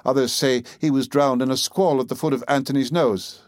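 A man's voice: medium pitch, steady tone, fairly quick, darkish tone, dry recording, clean studio sound, close to an everyday voice. A man voicing an old villager who answers questions in a plain, matter-of-fact way.

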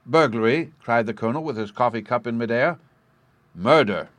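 A man reading a novel aloud in steady, measured storytelling narration. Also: mid-range voice, dry recording. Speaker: audiobook narrator. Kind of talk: scripted narration.

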